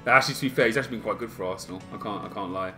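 A man playing a football video game with a friend, exasperated and animated, bursting into loud outbursts at the play. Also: lowish voice, very fast. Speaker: gaming co-player. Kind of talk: excitable casual gaming banter. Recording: game music playing behind.

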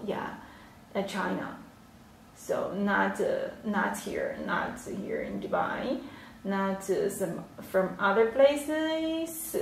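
A woman teaching a livestream language lesson, explaining slowly and patiently with many fillers. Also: medium pitch, a little hiss or hum. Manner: slow, patient explaining with frequent yeah and fillers. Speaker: Chinese teacher. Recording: roomy echo, a little off mic.

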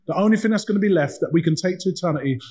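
A man, preaching a sermon as pastor and telling stories in an animated way, acting out the dialogue. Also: sits high, very fast, poor audio.

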